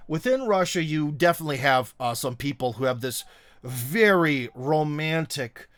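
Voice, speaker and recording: Man, middle-aged, livestream host, blunt, sarcastic, fillers and restarts, slightly high voice. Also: expressive, moderate pace, a bit bright. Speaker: live stream host. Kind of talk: casual opinion livestream reading comments.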